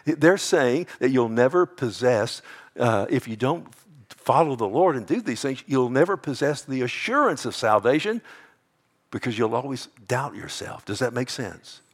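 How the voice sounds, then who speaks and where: A man preaching a sermon, swinging between hushed, drawn-out lines and loud ones, often calling out "amen" and "loved one" to his listeners. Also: mid-range voice, expressive, breathy edge. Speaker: pastor.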